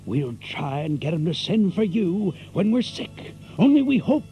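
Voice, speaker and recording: A man's voice: high voice, very animated, unhurried, mellow, soft background music, exaggerated voice. An actor playing an oily older conman who poses as a preacher, speaking in syrupy, pompous oratory with a rural Southern US dialect. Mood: smarmy. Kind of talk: radio play acting.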